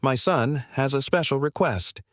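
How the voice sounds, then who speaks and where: A male narrator reading the lines of a calm, gentle mother pleading for her ill son. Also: mid-range voice, a little slow, no echo, clean studio sound, voice pushed up, lightly acted. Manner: calm and polite.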